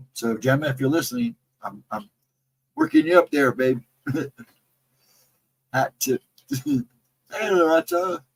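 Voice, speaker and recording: Man, middle-aged, Central Ohio accent, husky voice, soft R and W sounds, rambling livestream chat. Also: medium pitch, poor audio. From Central Ohio, near Columbus. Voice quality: trouble with R and W sounds. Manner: rambling, chatty, reads out chat comments. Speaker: livestream co-host.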